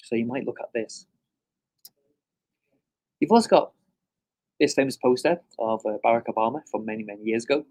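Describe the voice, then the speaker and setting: A man's voice: mid-range voice, normal speed, long pauses, darkish tone. Man lecturing casually. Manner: conversational, checks in with "okay?", filler "um". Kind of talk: classroom lecture.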